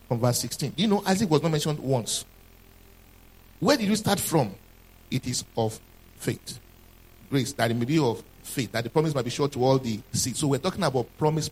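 Husky, lively-voiced man preaching a sermon. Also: medium pitch, poor audio. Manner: emphatic, asks the congregation questions and repeats key lines.

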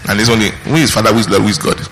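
A man preaching a sermon, teaching through scripture with questions put to the congregation and pauses on key words. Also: on the low side, a bit bright, long reverb tail, slight background noise, rough recording.

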